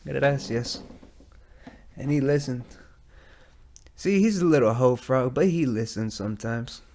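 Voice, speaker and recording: A man's voice: medium pitch, lively intonation, normal speed, warm tone. A man with an American accent hosting a casual solo podcast, rambling and profane, recording at night in a metal garage. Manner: profane, rambling, self-deprecating. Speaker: podcast host. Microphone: studio mic with headphones.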